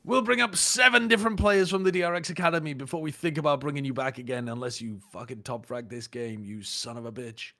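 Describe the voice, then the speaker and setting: A man putting on the voice of a furious male esports coach, shouting curses and threats at a benched player. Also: medium pitch, level tone, fairly quick, few pauses, natural voice. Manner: shouting, cursing, over the top.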